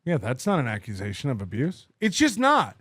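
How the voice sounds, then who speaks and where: A man's voice: mid-range voice, wildly swooping pitch, fairly quick, a bit bright, breathy edge, no room sound, clean studio sound. A man co-hosting a podcast, talking in a sarcastic, mocking way and laughing often. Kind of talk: casual podcast commentary.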